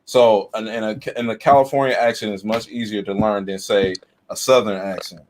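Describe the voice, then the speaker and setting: A man's voice: on the low side, fairly even intonation, brisk, darkish tone, slight background noise. A man in a casual live-stream chat, arguing his points emphatically and repeating himself.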